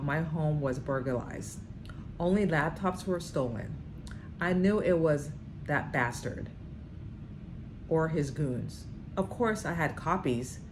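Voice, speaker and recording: A deep-voiced woman reads a book aloud in a dramatic way and stops now and then for emphatic comments of her own. Her voice often jumps high when she stresses a point. There is a faint hiss under the recording. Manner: emphatic, with sudden high outbursts. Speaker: vlogger reading a book aloud.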